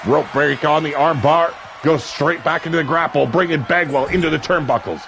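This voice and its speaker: A man calling a wrestling match play-by-play, brash and crude, with sudden shouted bursts of excitement. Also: fairly high pitch, moderate pace, vocal fry, noisy background. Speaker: wrestling commentator. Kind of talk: play-by-play commentary. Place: seated at a ringside commentary table.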